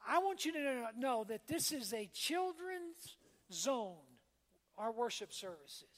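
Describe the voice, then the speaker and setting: A woman pastor delivers a sermon from the pulpit in a homey, conversational way, checking in with the congregation as she talks. Her voice sits high. The sound carries a long reverb, as if it fills a large church sanctuary. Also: sing-song, moderate pace. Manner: conversational preaching, often checking in with "all right?" and "amen?".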